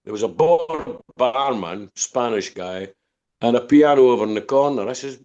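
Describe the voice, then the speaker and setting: A man's voice: fairly low pitch, expressive, a little fast, darkish tone. An older man with a Scottish accent, a podcast guest telling long anecdotes with many restarts. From Scotland, Dundee. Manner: rambling storyteller, repeats words and restarts. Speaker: guest musician. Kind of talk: podcast interview.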